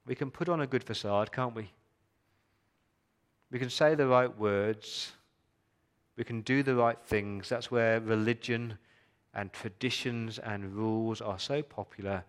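Delivering a sermon, this pastor speaks in a fairly low voice to his congregation. He asks rhetorical questions and alternates between booming emphasis and quiet, subdued passages.

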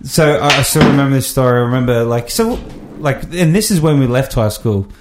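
A man's voice: mid-range voice, animated, brisk, reverberant, a little hiss or hum. A man chatting casually, laughing and acting out quoted lines. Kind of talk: casual storytelling chat.

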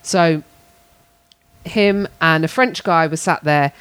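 A woman's voice: deep voice, slow pace, clean tone. A woman telling a story in casual chat, acting out the people in it. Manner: animated storyteller, acts out voices. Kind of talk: casual anecdote.

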